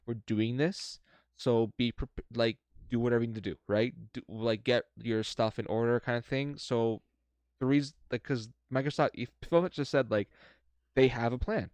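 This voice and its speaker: Smooth-voiced sarcastic podcast guy. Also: mid-range voice, steady tone, normal speed, a little mellow, no room sound. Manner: sarcastic, swearing, mock arguing. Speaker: podcast co-host. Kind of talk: casual gaming chat.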